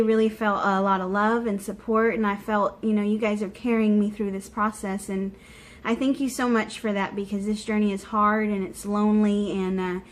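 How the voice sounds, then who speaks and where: A woman recording a personal video diary update, talking openly and warmly straight to her viewers in a chatty, heartfelt way. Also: medium pitch. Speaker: vlogger.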